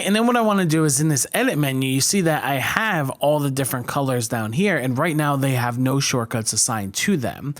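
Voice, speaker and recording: A man hosting a software tutorial, calmly walking through editing steps with occasional fillers. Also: fairly high pitch. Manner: relaxed step-by-step explaining, with fillers. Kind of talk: screen-recorded editing tutorial.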